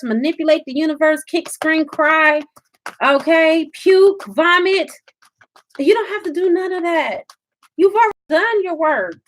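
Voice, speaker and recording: A woman's voice: high-pitched, slight background noise. A woman giving a live spiritual reading, talking to her viewers in an emphatic, preachy way. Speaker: spiritual reader.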